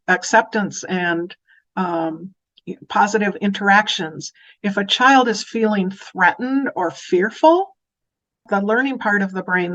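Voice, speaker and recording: Woman teaching about kids and the brain, middle pitch, kinda muffled audio. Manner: warm, animated when acting out phrases to children. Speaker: early childhood educator. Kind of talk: educational talk.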